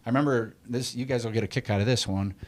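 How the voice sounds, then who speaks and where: A man's voice: mid-range voice, fairly even intonation, fast. A man in his forties talking candidly as a podcast guest, blunt and profane but reflective about emotions. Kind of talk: candid casual chat.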